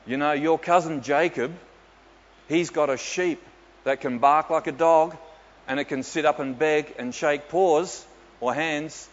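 A man's voice: a little high, unhurried, lightly acted. A man voicing a proud, doting mother who eagerly urges her son on, in a sermon. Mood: coaxing. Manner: coaxing, eager. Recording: dull echoey hall with faint ambience.

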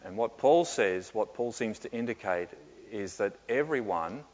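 A man answering questions in a sermon, reflective and often pausing with fillers and soft laughs. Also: fairly low pitch, lively intonation. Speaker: pastor. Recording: muffled with long hall reverb.

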